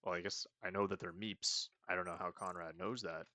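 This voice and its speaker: A man's voice: low voice, steady tone, fairly quick, bright, forceful tone, no room sound. A man hosting a let's play, thinking aloud in casual commentary and reading the game's text as he goes. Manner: rambling, thinking aloud with restarts. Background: game music.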